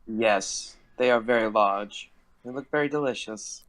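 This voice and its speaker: A man's voice: on the low side, unhurried, fairly bright tone. Give me a sweet-talking older vampire businesswoman, put on by a man. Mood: flirty. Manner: purring, says honey.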